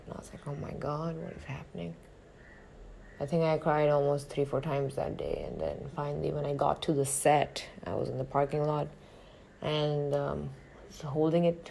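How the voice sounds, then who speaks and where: Low, gravelly woman, candid and frank. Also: dark tone, slight background noise. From northern India. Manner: frank and profane, reflective. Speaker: actor. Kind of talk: candid personal storytelling.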